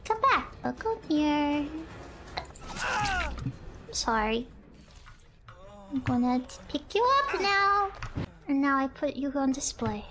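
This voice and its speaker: A woman streamer commenting on a game live, sliding from creepy low murmurs into squeals and laughter. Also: lively intonation, slow, long pauses, background noise.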